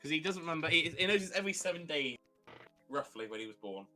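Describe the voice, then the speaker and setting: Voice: mid-range voice, expressive, fast talker, sharp tone, faint music behind. A player in an online tabletop game, talking casually and hesitantly and laughing often.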